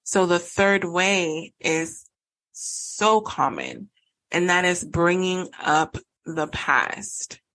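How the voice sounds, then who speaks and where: A woman's voice: fairly low pitch, big pitch swings, drawn-out words, a bit bright, poor audio. A woman in her thirties hosting a solo podcast, talking earnestly and acting out both sides of a couple's argument. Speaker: podcast host and relationship coach.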